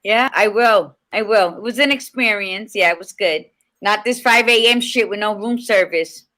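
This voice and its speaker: Bright-voiced woman chatting on a video call. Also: medium pitch, normal speed. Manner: animated storyteller, swears casually. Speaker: podcast co-host. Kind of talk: casual chat. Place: hotel room.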